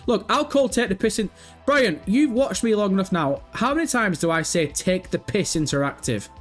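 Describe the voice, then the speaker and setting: A man's voice: high-pitched, animated, moderate pace, a bit bright. A young man hosting a gaming livestream, chatting casually, swearing and teasing viewers in chat. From Britain. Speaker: livestream host. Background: faint background music.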